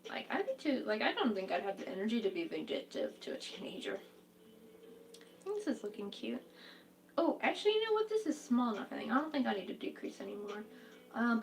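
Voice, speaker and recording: A woman's voice: medium pitch, gravelly, recorded from a distance. A young woman hosting a crochet live stream, chatting casually and reacting to viewers' comments, saying "like" a lot. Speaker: crochet livestream host.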